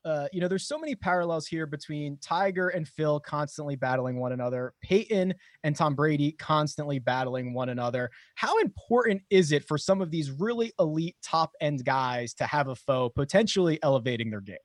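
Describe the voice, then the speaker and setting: Guy hosting a sports podcast, fairly high voice, upbeat and quick to laugh, dry close sound. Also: dry recording. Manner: upbeat, laughs easily, introduces guests. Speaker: podcast host. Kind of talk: casual sports podcast chat.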